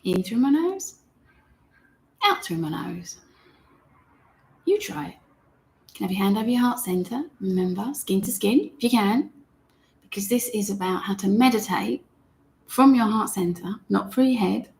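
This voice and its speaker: A woman guides viewers through a live meditation lesson, chatting gently and reading out their comments as they come in. Her voice sits mid-pitch with a slightly gravelly, fry-tinged texture. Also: normal speed. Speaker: meditation teacher.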